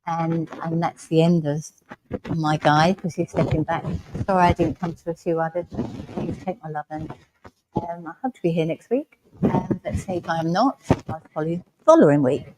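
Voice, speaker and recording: A woman's voice: deep voice, moderate pace. A woman working as a medium, giving a reassuring reading to the congregation in a village hall. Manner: warm, reassuring, checks in with "all right?". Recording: loud background noise.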